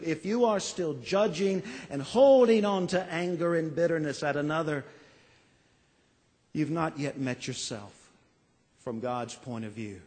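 A man preaching a sermon as pastor, earnest and pleading, with dramatic pauses. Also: fairly high pitch, animated, darkish tone. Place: church sanctuary. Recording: long church reverb.

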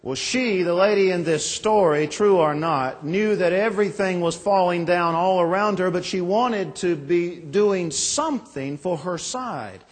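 A man's voice: high-pitched, measured pace, few pauses. A man in his forties, a pastor preaching a sermon, telling stories in a folksy, self-deprecating way. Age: 40s. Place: large church sanctuary. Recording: long reverb in a church.

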